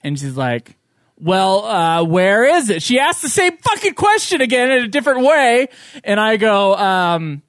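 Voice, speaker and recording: Man, high voice, podcast co-host, sweary rant, dry close sound. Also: big pitch swings, measured pace, fairly bright tone, no room sound. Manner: swearing, ranting, laughing. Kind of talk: casual podcast chat.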